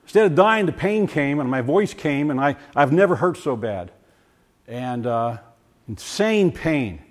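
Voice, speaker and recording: An older man giving a personal testimony, animated and full of restarts, acting out voices as he tells the story. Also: a little high, measured pace. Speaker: former science teacher giving a testimony. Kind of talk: personal testimony talk to a group.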